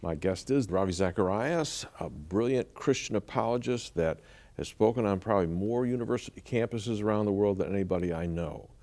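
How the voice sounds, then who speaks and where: A male interview host who introduces his guest and asks plain, steady questions. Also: lowish voice, fairly quick.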